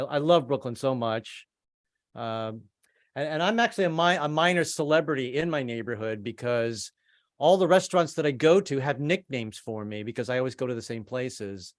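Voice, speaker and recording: A man's voice: medium pitch, expressive, normal speed, dry recording, studio quality. A man doing a rambling stand-up set over a video call, stammering and repeating himself between jokes. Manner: rambling, stammering, trades in put-on voices. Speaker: stand-up comedian.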